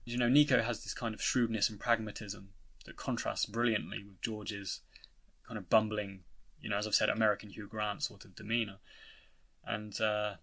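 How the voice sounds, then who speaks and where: A man's voice: on the low side, flat delivery, moderate pace, creaky, sharp tone. A young British man giving a casual, rambling spoken review of a video game, with many restarts and fillers. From Britain. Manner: rambling, frequent "you know" and restarts.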